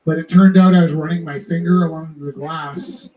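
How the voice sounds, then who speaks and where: High-voiced male host, rambling storyteller, dull lo-fi sound. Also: normal speed. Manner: rambling, self-interrupting, animated. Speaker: live art auction host. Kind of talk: casual storytelling to a live audience.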